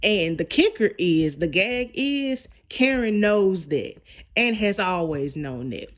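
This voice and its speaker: A woman's voice: mid-range voice, animated, slow pace. A young adult woman giving a casual recap of a TV episode, retelling scenes and acting out the characters' lines. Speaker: TV show reviewer.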